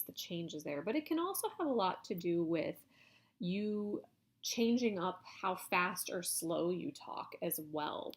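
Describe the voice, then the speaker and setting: Woman instructor, slightly low voice, patient explanatory lecture delivery. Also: vocal fry. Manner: explanatory, even teaching tone with some hedging. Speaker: college instructor. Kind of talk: recorded video lecture.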